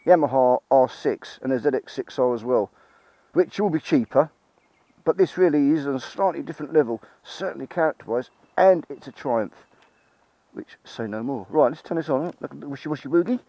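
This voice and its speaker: A man giving a chatty, excitable ride-along review of a motorbike, swearing freely, talking into a helmet mic outdoors. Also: medium pitch, normal speed, no echo. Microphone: helmet-mounted mic. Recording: muffled, engine and road noise.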